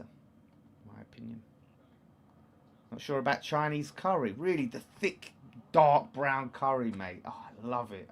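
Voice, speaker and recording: A man in his thirties with an East London accent, hosting a football watchalong in casual chat, reading out comments and erupting into loud shouts at chances. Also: mid-range voice, creaky, slight background noise. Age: 30s. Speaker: livestream host.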